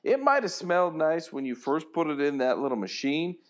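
A man's voice: on the high side, sing-song, brisk. A man co-hosting a talk show, ranting bluntly and mocking people with crude language. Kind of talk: profane rant on a talk show.

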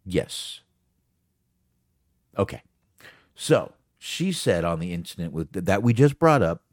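A man's voice: low voice, very animated, slow pace, long pauses, no room sound, clean studio sound. A man hosting a solo podcast, talking off the cuff in a rambling, profane, casual way. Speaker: podcast host.

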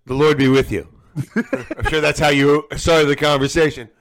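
A man's voice: fairly high pitch, steady tone, normal speed. A man co-hosting a podcast, cutting in with crude jokes and mocking put-on quotes in casual chat. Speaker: podcast co-host. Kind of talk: casual chat, wisecracking interjections.

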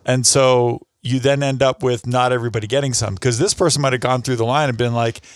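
A man's voice: medium pitch, fairly even intonation, a little fast, dry recording, clean studio sound. A man co-hosting a podcast in casual chat, talking in a candid, rambling way. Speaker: podcast co-host.

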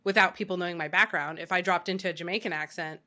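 A woman's voice: fairly low pitch, fast, bright, forceful tone. A woman hosting a podcast in casual chat, leading the talk and asking the others questions.

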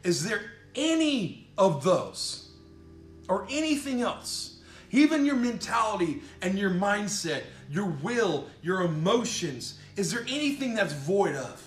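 A man's voice: high-pitched, very animated, slow pace. A man preaching a fiery, emphatic sermon, repeating phrases and calling out "come on" as he builds his points. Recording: echoey room with faint music behind.

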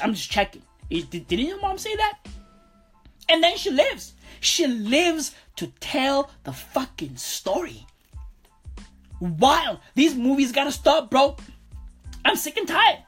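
A woman's voice: sits high, fairly bright tone, slightly rough. A woman comedian doing a profane, rambling stand-up rant, tossing in "bro" constantly.

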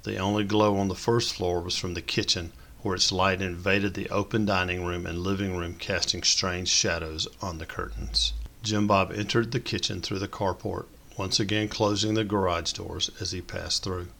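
A man narrating a story in a steady, descriptive way. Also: low voice, normal speed, creaky, hardly any pauses. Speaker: audiobook narrator.

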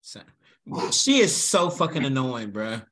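A man from Louisville with a Kentucky accent hosting a casual chat, brash and teasing, swearing freely and firing back quick comebacks. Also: medium pitch, big pitch swings, a bit bright.

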